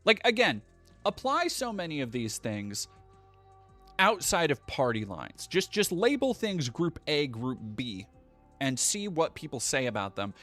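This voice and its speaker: A man from New England talks through a live stream, swearing freely as he rants. His pitch leaps and swoops as he gets worked up. Faint music sits under his voice. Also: very animated, measured pace, a bit bright. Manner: profane, heated, ranting.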